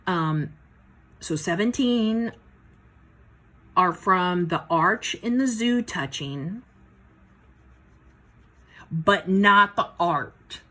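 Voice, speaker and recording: Slow, husky woman teaching math. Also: fairly low pitch, lively intonation, pushed and bright. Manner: folksy, talks herself through the math. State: a little out of breath. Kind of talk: casual worked-problem lesson.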